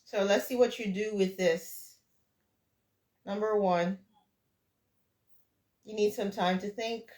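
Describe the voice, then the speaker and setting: A woman's voice: medium pitch, steady tone, slow, darkish tone, echoey room. A woman teaching French over a video call, correcting and encouraging her student. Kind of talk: online tutoring session.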